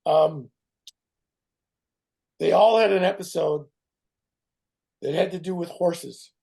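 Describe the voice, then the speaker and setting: A middle-aged man, a guest actor in a casual interview who tells animated stories, swears and acts out other people's voices. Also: a little high, slow pace, gravelly, breathy edge. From Canada.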